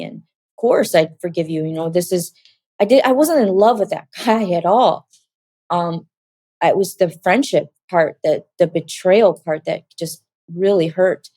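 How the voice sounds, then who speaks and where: A middle-aged woman telling her personal testimony in a soft, halting, reflective way, with many pauses and fillers. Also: lowish voice, no room sound. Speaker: interview guest sharing her testimony.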